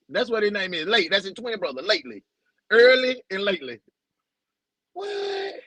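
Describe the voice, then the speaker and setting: Animated, husky-voiced man hosting a livestream. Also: sits high, dry recording, rough recording. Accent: Southern US. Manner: loose, joking, slangy, greets viewers by name. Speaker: livestream host. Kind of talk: casual livestream chat.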